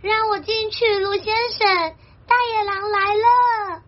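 A woman's voice: steady tone, muffled recording. A woman doing a scared little rabbit. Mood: pleading. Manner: high, slow, urgent pleading. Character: frightened little rabbit, pleading.

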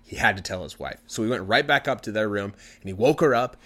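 A man retelling a story for language learners in an animated, conversational way. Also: lowish voice, fast.

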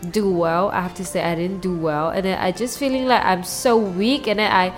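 A woman whose first language is Mandarin Chinese, hosting a solo diary podcast and talking haltingly as she searches for English words and restarts her sentences. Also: fairly low pitch, steady tone, soft background music. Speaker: podcast host.

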